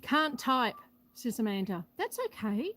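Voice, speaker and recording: Woman, high voice, slightly winded, phone live-stream host, chatty. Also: sing-song, a little slow, a bit bright, low-quality recording. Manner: chatty, reads out viewer comments. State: a bit out of breath. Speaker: homestead livestream host. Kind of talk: casual live-stream chat. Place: outdoors on a rural property. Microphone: phone held for live stream.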